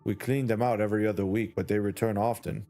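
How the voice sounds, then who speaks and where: A man reading the lines of a blunt female bugbear guard from a game in his own flat voice. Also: lowish voice, fast talker, close to an everyday voice. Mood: matter-of-fact. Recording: faint background music.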